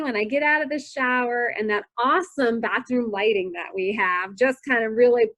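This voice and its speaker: A woman in her forties gives a training talk through candid personal stories. She is self-deprecating and lively, and her voice sits a little on the high side. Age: 40s. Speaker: prevention educator.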